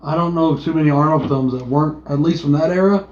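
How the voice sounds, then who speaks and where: A man's voice: a little high, quick pace, a little mellow. A man co-hosting a casual movie review, laid-back and jokey, swearing freely. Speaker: podcast co-host. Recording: echoey room, dull lo-fi sound.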